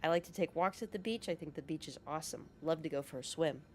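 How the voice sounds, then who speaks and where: Brief: a woman doing an overfriendly male homeowner, low mumbling voice. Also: fast talker, darkish tone, a little hiss or hum, close to an everyday voice. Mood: friendly chatter. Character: chatty, overly friendly adult man homeowner.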